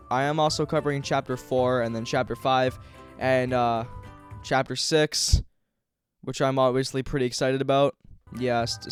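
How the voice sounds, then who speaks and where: Mumbling man recapping a game. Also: medium pitch. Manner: mumbling, crude and joking. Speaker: gaming commentator. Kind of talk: casual game recap narration. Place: home room, recorded late at night.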